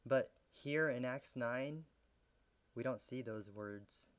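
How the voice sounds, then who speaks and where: A man's voice: medium pitch, takes it slowly. Man preaching an earnest sermon. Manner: earnest teaching, with soft laughs and building intensity. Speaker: pastor.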